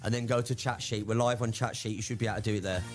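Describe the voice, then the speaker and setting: A man's voice: fairly low pitch, steady tone, very fast. A British man co-hosting a radio show, joking and laughing often in casual banter. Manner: playful, laughs often, repeats himself. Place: radio studio.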